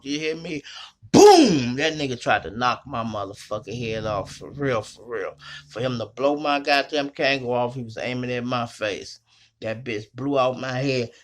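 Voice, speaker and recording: A middle-aged man hosting his own show from a small home studio, telling stories in a slangy, profane, animated way. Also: medium pitch. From Chicago. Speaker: host. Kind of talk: casual storytelling monologue.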